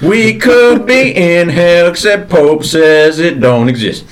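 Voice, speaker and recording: A man voicing a crude, pompous older Southern gentleman in a put-on Southern American drawl who keeps calling people son. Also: fairly high pitch, slow. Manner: crude, blustery, calls everyone son. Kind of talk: improvised comedy role-play.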